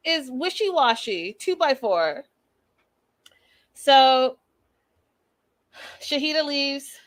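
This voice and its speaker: In a dry recording, a young adult woman with a slightly high voice runs through a reality episode on her show, casual and full of opinions, animatedly acting out what people said.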